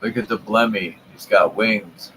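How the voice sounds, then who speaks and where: Slow, low-voiced man musing casually. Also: a little hiss or hum, rough recording. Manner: relaxed, amused, slangy asides. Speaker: channel host. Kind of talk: casual commentary while browsing old maps.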